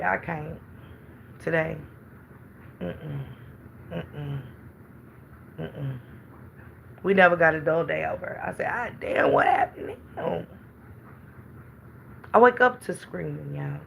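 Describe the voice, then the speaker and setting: Chatty middle-aged woman with a gravelly edge. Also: on the low side, slight background noise. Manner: chatty, greets viewers by name. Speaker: livestream host chatting with viewers. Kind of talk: casual livestream chat.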